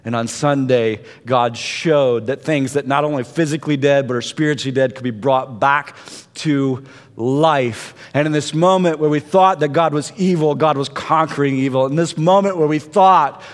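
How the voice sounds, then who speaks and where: A man's voice: fairly high pitch, moderate pace. Man preaching a sermon, hall reverb. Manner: dynamic preaching, rising to intense peaks and dropping to hushed tones. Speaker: pastor.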